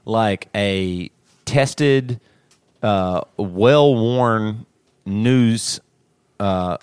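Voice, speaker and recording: Low-voiced man joking through the news. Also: drawn-out words, a little mellow, clean tone, no room sound. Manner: stumbling, joking, laughs while reading. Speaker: podcast co-host reading news stories. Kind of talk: casual chat.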